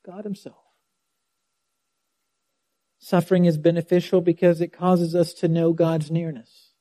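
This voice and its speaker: A man's voice: on the high side, mellow, no room sound. A man preaching a sermon, reading scripture aloud and stressing key words, sometimes dropping almost to a whisper. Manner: dramatic quoting of scripture.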